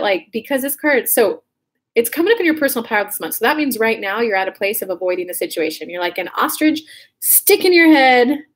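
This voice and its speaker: A woman in her thirties talks through a tarot horoscope reading in a loose, chatty way, full of fillers and the odd curse. Her voice sits a little high for a woman. She sounds frank and plain-spoken. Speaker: tarot reader.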